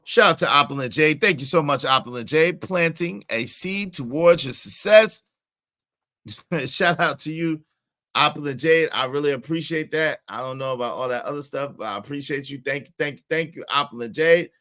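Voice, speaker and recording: A man hosting a live stream, giving shout-outs and reacting to clips in casual, repetitive chat. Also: a little high, normal speed. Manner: chatty, repeats phrases, gives shout-outs.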